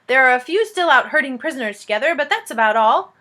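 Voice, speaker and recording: Cheerful female storybook dragon, matter-of-fact, a woman reads her, brightish pitch. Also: animated, fast.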